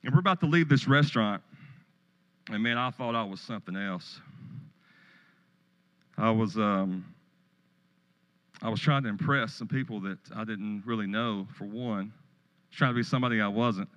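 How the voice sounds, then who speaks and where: A man's voice: on the low side, moderate pace, pauses often, fairly bright tone, dull audio. A middle-aged man pastor preaching a sermon, telling stories and joking with the congregation in a church. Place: church sanctuary.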